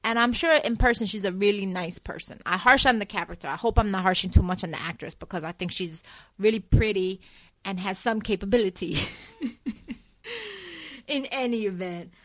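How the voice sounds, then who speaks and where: A woman hosting a casual talk show, recapping soap opera episodes in an animated, chatty way full of fillers and laughs. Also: mid-range voice, normal speed, dry recording. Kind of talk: casual chat.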